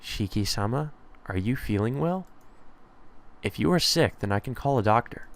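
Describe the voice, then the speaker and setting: A man reading the lines of a polite, reserved young female maid from a visual novel, spoken softly and formally. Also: medium pitch, animated, moderate pace, vocal fry. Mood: concerned.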